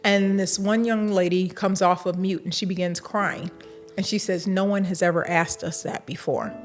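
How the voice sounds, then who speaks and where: A middle-aged woman, a university administrator, telling a lively story in an interview, acting out the dialogue and laughing now and then. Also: lowish voice, normal speed, soft background music.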